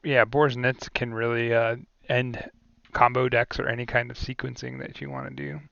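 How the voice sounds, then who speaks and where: A man's voice: medium pitch, little pitch movement, moderate pace, vocal fry, a bit bright, no room sound, muffled recording. A man co-commentating a card game tournament in a casual, chatty way, laughing often and using many fillers.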